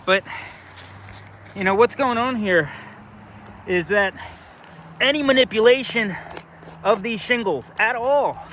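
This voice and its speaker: Breathless high-voiced roofer on a roof. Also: male voice, expressive, slow, long pauses, fairly bright tone, slight background noise. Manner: exasperated, explaining step by step. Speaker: roofing contractor. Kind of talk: on-site inspection walkthrough. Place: outdoors on a roof.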